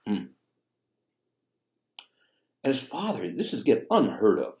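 Man, priest, sermon, low mellow voice, conversational asides, echoey church. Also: huge pitch swings, a little slow. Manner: conversational, rhetorical asides like "see?". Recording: echoey room.

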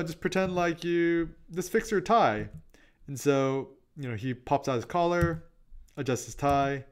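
A man giving a casual presentation on photography, telling quick anecdotes full of fillers and "I'm like" asides. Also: mid-range voice.

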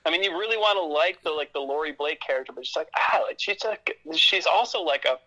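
A man's voice: a little high, lively intonation, fast, pushed and bright, highs cut off. A man co-hosting a podcast, chatting casually about a TV series in a laid-back, profane way with lots of fillers. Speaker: podcast co-host. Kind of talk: casual film review chat.

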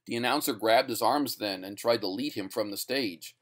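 Field: man narrating a sci-fi short story. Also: fairly low pitch. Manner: steady, measured storytelling.

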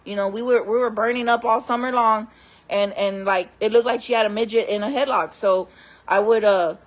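A woman's voice: a little high, steady tone, brisk. A woman telling her own stories to camera in casual, candid talk, often calling her viewers friends. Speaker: storyteller host.

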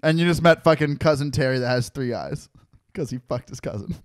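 A man's voice: medium pitch, a little fast, no echo, studio quality. A man co-hosting a podcast, teasing and laughing in crude casual banter. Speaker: podcast co-host.

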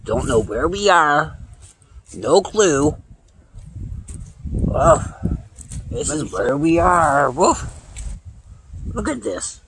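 A man's voice: on the high side, big pitch swings, takes it slowly, vocal fry, fairly bright tone, a little hiss or hum, rough recording. A man vlogging outdoors in the cold countryside, barking "woof" between sentences and talking about himself in the third person. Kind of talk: casual vlog narration. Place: outdoors in cold rural woods, later in a car.

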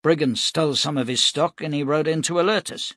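A man doing a measured militia captain. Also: fairly high pitch, a bit bright, no room sound, studio quality, voice pushed up. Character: tall, easygoing middle-aged male militia captain.

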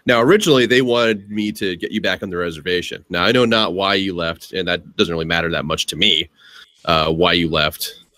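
A man playing a tabletop game, speaking in character as he negotiates, with some halting. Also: low voice, pushed and bright, no echo. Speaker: player.

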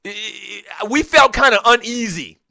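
A man hosting a casual sports talk show, spinning long, animated stories with plenty of asides. His voice is high for a man and forward. The sound is dry and close. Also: a little slow, creaky, no echo. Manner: rambling, animated storytelling.

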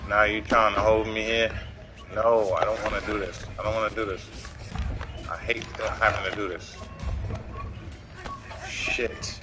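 A young man talks slowly in a lowish voice while he plays, muttering and swearing to himself with frustration. Game music plays clearly behind him. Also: level tone. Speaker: gamer playing a fighting game career mode. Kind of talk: casual gameplay commentary.

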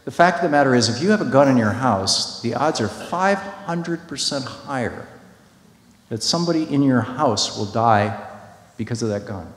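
A man's voice: medium pitch, lively intonation, moderate pace. A man telling a story to an audience in a conversational, emphatic way, with many restarts and fillers. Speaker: speaker at a public talk. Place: large hall. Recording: echoey hall.

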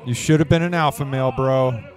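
A man giving casual reaction commentary over a film, excitable and swearing freely. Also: medium pitch, fast, very noisy. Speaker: YouTuber reacting to a video. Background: movie soundtrack music playing.

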